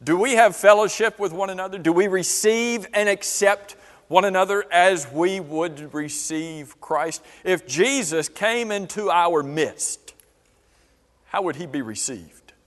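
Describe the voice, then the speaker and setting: A man's voice: high voice, unhurried. A man teaching a church Bible class, asking the class question after question. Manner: asks the class many questions. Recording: long reverb of a church hall.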